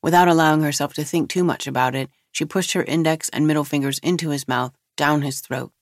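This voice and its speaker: A narrator reads a novel in a measured, steady way. The voice sits in the middle range. The recording is dry and close, with no room sound. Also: mid-range voice, no room sound.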